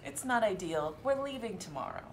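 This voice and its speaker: A woman's voice: medium pitch, animated, fairly quick, a little hiss or hum. A woman playing a tabletop game, chatting casually and slipping into her character in a playful way. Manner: playful, speaks in character now and then. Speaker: player.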